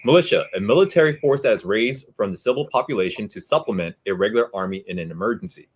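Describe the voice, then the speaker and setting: Quick low husky guy reading stuff out on a video call show. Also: animated. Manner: quick, reads out definitions and super chats. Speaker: co-host. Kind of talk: casual interview chat.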